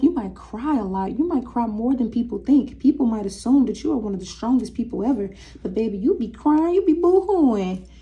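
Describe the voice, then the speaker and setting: A woman's voice: on the high side, dark tone. A woman giving a chatty, casual tarot reading to her viewers. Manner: chatty, breaks into singing, talks to cat. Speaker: tarot reader.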